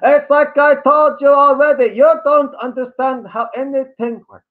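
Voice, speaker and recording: A man's voice: extremely high pitch, animated, a little slow, pitched above the performer's own voice. A man voicing a condescending male online commenter in a put-on thick accent, lecturing and sneering. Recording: tinny phone-like audio.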